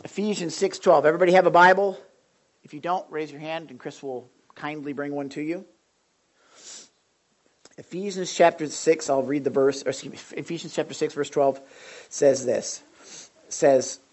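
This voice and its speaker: A male pastor preaching a sermon with animated storytelling and questions to the audience. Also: a little high, normal speed.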